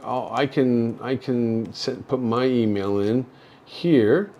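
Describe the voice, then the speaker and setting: An older man hosting a casual livestream, talking in a halting, rambling way with many fillers and soft chuckles as he reads viewer chat. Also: medium pitch, dull audio.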